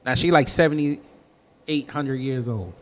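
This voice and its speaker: Animated young man telling a story. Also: medium pitch, slow, dull audio, a little hiss or hum. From New York. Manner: animated, slangy, talks back to chat. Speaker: host. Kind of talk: casual storytelling to a livestream chat.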